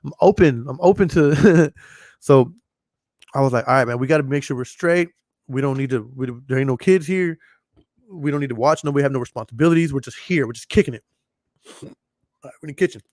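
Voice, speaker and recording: A man's voice: medium pitch, fairly quick, long pauses, darkish tone, no echo, studio quality. A man hosting a podcast, telling a long story in a rambling, profane way and repeating himself. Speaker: podcast host. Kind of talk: casual storytelling monologue.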